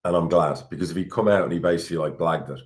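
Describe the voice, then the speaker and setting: A man's voice: low voice, racing. A middle-aged Irish man, a football club chairman, talking candidly on a podcast, blunt and swearing freely. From Ireland. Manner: blunt, swears freely, repeats words when worked up.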